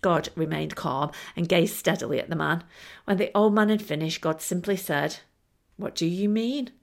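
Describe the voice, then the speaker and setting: A woman's voice: sits low, normal speed, creaky. A woman hosting a storytelling podcast, narrating expressively and laughing now and then. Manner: lively, expressive, laughing between lines. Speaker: storyteller and show host.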